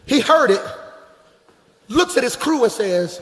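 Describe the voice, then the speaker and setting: A man preaching a sermon as pastor, shouting and half-singing his lines, calling out to the congregation from the stage. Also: very high-pitched, animated, unhurried, long pauses. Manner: shouting, sing-song preaching with crowd call-outs. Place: large church hall. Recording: echoey live church hall.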